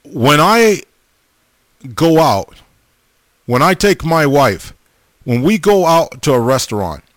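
A middle-aged man casually chatting as a host, reading viewer comments in a folksy, animated way, often repeating himself. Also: fairly high pitch, takes it slowly, dry recording. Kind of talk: casual chat.

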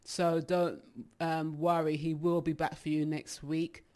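Jamaican woman, live-stream host, slightly breathless, warm and chatty with her viewers. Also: low-pitched, flat delivery, unhurried. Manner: chatty and affectionate, greets viewers by name, laughs often. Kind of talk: casual live-stream chat, reading out viewer comments.

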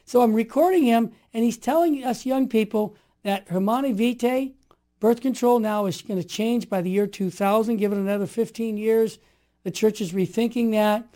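A man in his sixties telling stories in conversation, emphatic and animated, dropping to quiet asides and rising to forceful exhortations. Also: sits high, moderate pace. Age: 60s. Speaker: guest. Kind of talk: storytelling in conversation.

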